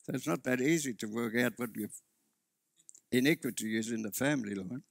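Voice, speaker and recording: A man's voice: medium pitch, brisk, gravelly, no echo, studio quality. A man preaching a sermon as pastor, earnest and often restarting his sentences. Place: church.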